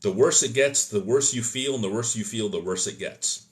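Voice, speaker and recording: A man's voice: mid-range voice, moderate pace. A man hosting a live stream, answering viewer questions in an opinionated teaching tone and often correcting himself mid-sentence. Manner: loose, self-correcting delivery with fillers. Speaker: host of an emergency medicine live stream.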